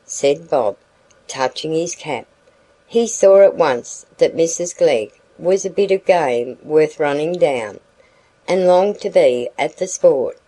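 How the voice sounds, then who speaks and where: Audiobook narrator, woman; measured, unhurried delivery with a warm tone. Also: sits low, low-quality recording. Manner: measured, even storytelling. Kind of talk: scripted narration.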